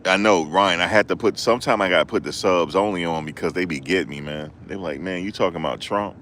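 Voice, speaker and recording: Super deep voiced guy rambling on his stream, laid-back slang, says stuff twice. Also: fast talker, fairly bright tone, a little hiss or hum. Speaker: livestreamer and rideshare driver. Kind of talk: casual live-stream chat.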